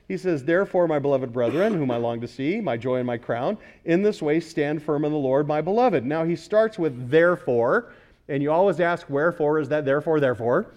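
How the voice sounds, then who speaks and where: A man's voice: on the high side, a little fast, darkish tone. A male pastor preaching a sermon, often asking the congregation questions and repeating key words for emphasis.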